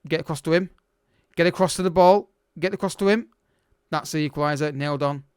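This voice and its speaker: A man's voice: a little high, brisk, clear, resonant tone, dry recording, studio quality. A man commentating his own game as a let's play host, exasperated and urgent, calling out to the players.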